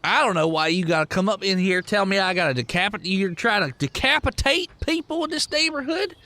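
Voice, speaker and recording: A man's voice: high-pitched, lively intonation, a little fast, sharp tone, dry recording. A man voicing a hotheaded, suspicious small-town man who talks in an indignant, accusing way.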